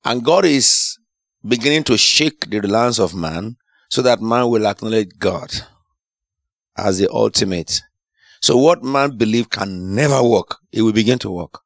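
A man preaching a sermon, telling a testimony in an animated storytelling way. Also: fairly low pitch, unhurried, no room sound, clean studio sound. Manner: animated storytelling, shouts and laughs at climaxes.

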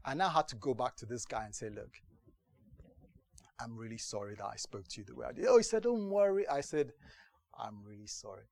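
A man's voice: mid-range voice, animated, a little fast, vocal fry, a little mellow. A man preaching as pastor, telling stories from his own life in a sermon and often asking whether listeners follow him. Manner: storytelling, repeats "do you understand". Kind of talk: sermon testimony.

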